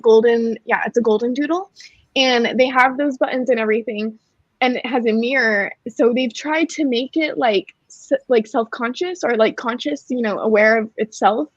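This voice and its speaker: Woman, casual chat, rambling, higher pitch, dull lo-fi recording. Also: no echo. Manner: rambling, many "like" fillers. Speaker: podcast co-host. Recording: dry, dull lo-fi sound.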